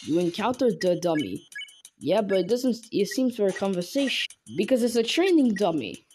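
A woman's voice: medium pitch, big pitch swings, normal speed, darkish tone, faint music behind. A woman giving casual let's-play commentary, reading on-screen text aloud and stumbling over words. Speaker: gamer.

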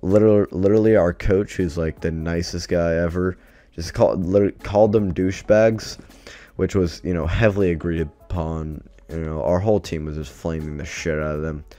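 Low-voiced man telling a profane story. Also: steady tone, a little fast, mellow. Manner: profane, exasperated, rambling. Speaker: vlogger. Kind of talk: casual storytime.

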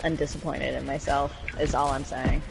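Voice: medium pitch, level tone, moderate pace, vocal fry, low-quality recording. Sarcastic, chatty gamer in voice chat. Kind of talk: casual chat while playing.

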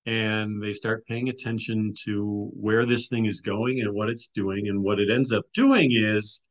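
On the low side, this middle-aged man's voice comes through with its highs cut off. As an author and filmmaker guesting on an interview show, he tells a story casually, peppered with "you know"s and restarts.

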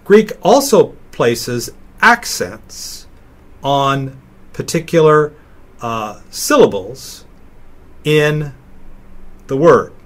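A middle-aged man teaching a recorded slideshow lesson, slowly sounding out words syllable by syllable. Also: fairly high pitch, lively intonation. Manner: slow, deliberate, sounding out words.

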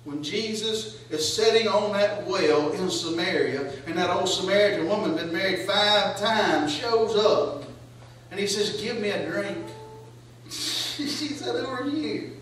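Man preaching, high voice, booming echo, distant from the mic, faint hiss. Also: measured pace, a bit bright. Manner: preaching with rising, questioning cadence. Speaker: pastor. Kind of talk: sermon. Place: church sanctuary. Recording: echoey church hall, voice from far off.

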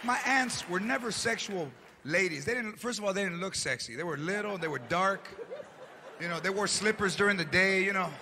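Brash, profane stand-up comedian, raspy fry in the voice, live crowd behind. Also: male voice, high voice, animated, brisk. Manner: brash, profane, drops Spanish words. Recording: live stage with loud audience and noise.

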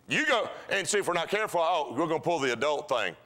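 A man's voice: on the high side, very animated, quick pace, hardly any pauses, bright, forceful tone. A man preaching a sermon in a church, folksy and storytelling, with repeated rhythmic phrases. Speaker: pastor. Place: church sanctuary.

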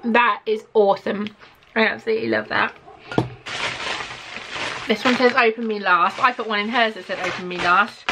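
Woman, British accent, excitable unboxing chat, faint background noise. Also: mid-range voice, normal speed, pauses often. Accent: British English. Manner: excitable and gushing, with gasps and squeals. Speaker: vlogger.

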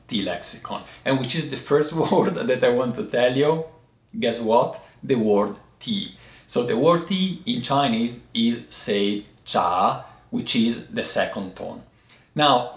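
Man explaining tea words in an echoey room. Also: mid-range voice. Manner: patient, explaining step by step with frequent pauses. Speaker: tea teacher. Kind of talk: language and tea lesson.

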